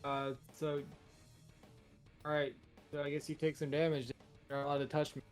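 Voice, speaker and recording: Player, male, slightly high voice, unsure and questioning, faint music behind. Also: flat delivery, normal speed. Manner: hesitant, questioning. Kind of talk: casual chat at a tabletop game.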